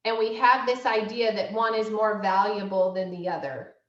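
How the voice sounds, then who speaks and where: A woman's voice: mid-range voice, fairly even intonation, normal speed. A woman school counseling director giving a conversational presentation to parents. She acts out inner thoughts as quoted asides and checks in with her listeners. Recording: distant, roomy, dull audio.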